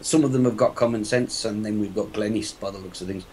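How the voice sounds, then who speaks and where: A man's voice: lowish voice, fast, a little mellow, slight background noise, rough recording. A man on a live online panel, ranting bluntly and indignantly about a politician. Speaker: panel guest.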